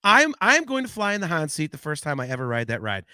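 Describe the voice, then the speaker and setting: A man with a bright, forceful voice pitched a bit high, hosting a casual podcast. He talks in an animated, rambling way and swears freely. The sound is dry and close to the mic. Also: fast, no room sound. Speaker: podcast host.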